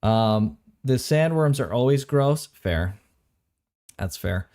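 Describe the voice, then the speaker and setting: A relaxed man co-hosting a livestream from a home recording room, his voice sitting at an ordinary middle pitch. He rambles in a loose, casual way and swears without fuss. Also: slow pace. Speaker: co-host of an anime reaction stream. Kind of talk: casual chat.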